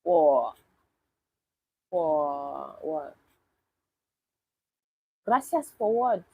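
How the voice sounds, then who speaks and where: A woman's voice: sits low, animated, very slow, dark tone, slightly rough, dry recording, rough recording. A woman from Nigeria, chatting casually on a livestream and answering viewers' questions with wry disbelief. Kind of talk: casual livestream chat reading comments.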